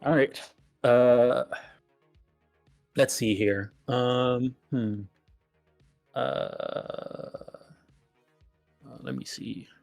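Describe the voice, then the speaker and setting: A man with a mid-range voice runs a tabletop game as game master. He talks easily and stops often with fillers, with soft music faintly behind him. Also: mid-range voice, steady tone, vocal fry. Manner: easygoing, filler-heavy, halting.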